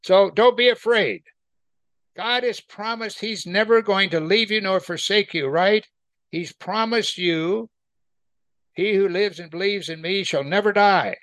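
A man's voice: high voice, unhurried, a bit bright, no room sound. A man leading a Bible study, reading scripture aloud and explaining it in plain conversational talk, often asking his listeners questions. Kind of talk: verse-by-verse Bible teaching.

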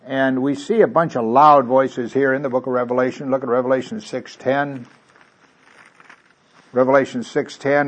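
A man preaching a sermon in a folksy, conversational way. He drops to quiet asides and then reads scripture loudly and emphatically. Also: medium pitch, steady tone, normal speed. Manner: swings from quiet asides to loud emphatic reading.

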